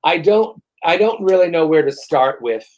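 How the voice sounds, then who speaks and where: A man's voice: a little high, lively intonation, normal speed, darkish tone, rough recording. A middle-aged man co-hosting a podcast, ranting in a casual, profane and exasperated way while worn out after a shot. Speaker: podcast co-host. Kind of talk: casual chat.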